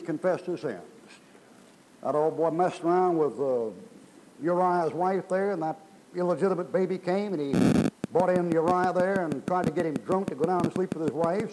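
A pastor preaching a revival sermon in a folksy, colloquial storytelling manner, in a church. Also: male voice, high voice, noisy background. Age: older. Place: church sanctuary.

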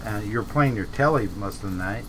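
A man's voice: on the low side, brisk, noisy background. A man co-hosting a casual chat in a hot backyard shed, friendly and teasing. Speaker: co-host.

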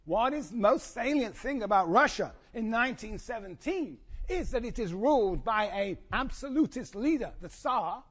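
A man past middle age lectures to a class in a hall. His voice sits fairly high and is wearing hoarse. He talks in an animated way, jumping up in pitch when he plays out what others said. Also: moderate pace, few pauses. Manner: animated, acts out quotes with sudden high pitch. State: voice going hoarse. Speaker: university lecturer.

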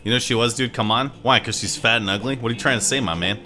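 A man's voice: mid-range voice, fast, bright, forceful tone, soft background music. A man streaming a game, chatting casually with his viewers in a joking, profane way. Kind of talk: casual gaming commentary.

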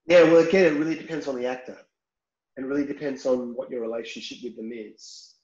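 A man's voice: medium pitch, steady tone, fairly quick, a little mellow. Male director, blunt and candid, casual swearing, echoey muffled room recording. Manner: frank and upfront, swears casually. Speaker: film director, guest. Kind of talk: candid interview talk. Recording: roomy, slightly dull recording.

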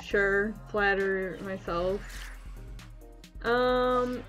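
Give me a chatty, bubbly woman doing casual game commentary at a relaxed pace. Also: mid-range voice, takes it slowly, dull audio, faint music behind. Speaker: gaming YouTuber. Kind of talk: casual let's-play commentary.

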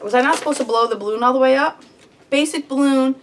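A woman's voice: on the high side, racing, slight background noise. A woman vlogging at home on her homestead, talking herself through a fiddly craft in a fretful, slightly whiny way. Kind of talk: casual self-talk while crafting. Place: at home on a farm.

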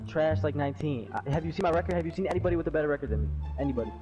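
A man's voice: a little high, lively intonation, very fast, music in the background, low-quality recording. A young man in an online voice chat, boasting and taunting his opponent in a cocky manner. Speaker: rival online player. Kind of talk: trash talk over voice chat.

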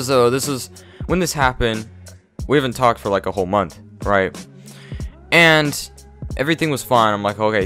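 A young man vlogger telling an animated, profane story in casual talk. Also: fairly low pitch. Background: faint background music.

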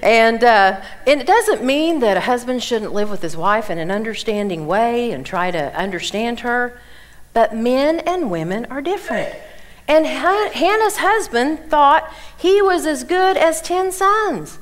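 A woman in her sixties teaching the Bible at a women's conference, telling stories with animated delivery and acting out the people she quotes. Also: fairly high pitch, unhurried. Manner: animated storytelling, acts out quoted voices.

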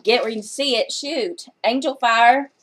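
A woman's voice: a little high, normal speed, background noise. Chatty woman gushing over books. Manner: chatty and excitable, gushing, casual swearing. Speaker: book vlogger. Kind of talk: casual book haul chat.

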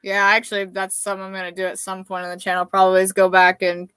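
A woman's voice: mid-range voice, monotone, fast talker, fairly bright tone, clear, resonant tone, no room sound. Laid-back woman, dry close sound. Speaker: stream co-host. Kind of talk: casual live-stream chat.

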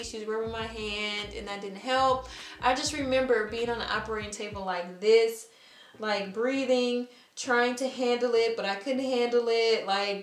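A woman's voice: on the high side, fairly even intonation, normal speed. Chatty woman telling a story, roomy sound. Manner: chatty, filler-heavy, re-enacts her own nervous words. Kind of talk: casual storytime vlog.

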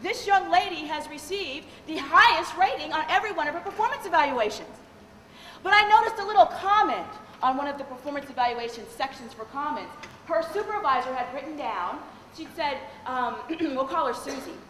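A woman, a lawyer and corporate trainer, giving a lively live training talk and questioning the audience. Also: high voice, fairly quick, a little hiss or hum. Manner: animated, engages the audience with questions. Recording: echoey hall with long reverb.

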